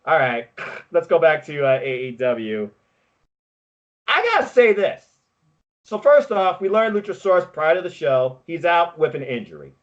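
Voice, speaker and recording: Guy co-hosting a wrestling podcast, kinda high voice, gets worked up recapping, muffled audio. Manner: excitable, quick play-by-play recapping. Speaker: podcast co-host. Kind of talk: casual wrestling recap chat.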